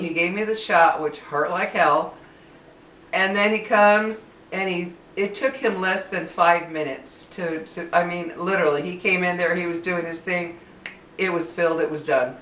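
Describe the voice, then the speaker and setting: A woman's voice: on the low side, a bit bright, far from the mic, slight background noise. A middle-aged woman vlogging at home, talking candidly and emotionally in a chatty way and laughing often. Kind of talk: personal vlog chat. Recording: echoey room, voice off mic.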